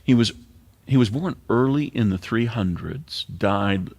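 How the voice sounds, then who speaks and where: Middle-aged male pastor, earnest sermon delivery, husky low voice with gravel. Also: lively intonation, a little slow, no echo. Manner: earnest, drops to a hushed near-whisper at times.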